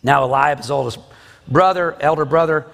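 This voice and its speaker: A man's voice: on the high side, moderate pace, creaky, a bit bright. A man in his forties teaching a Bible lesson in a conversational way, with asides and rhetorical questions. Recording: long reverb.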